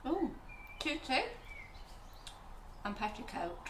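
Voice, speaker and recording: A woman's voice: fairly high pitch, very animated, takes it slowly. A woman co-hosting a live cake demonstration, reading out viewer comments with playful banter. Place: kitchen. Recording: echoey kitchen with background noise.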